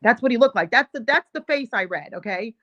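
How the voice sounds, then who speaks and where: A woman's voice: fairly high pitch, expressive, a little fast, pushed and bright, highs cut off. A woman hosting a show, giving heated, emphatic commentary on video clips and repeating her points with indignation. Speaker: show host.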